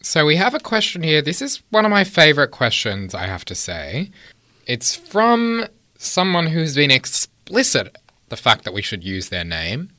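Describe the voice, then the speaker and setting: A podcast co-host in casual chat, making dry, deadpan jokes and reading listener questions. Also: mid-range voice, unhurried, no echo.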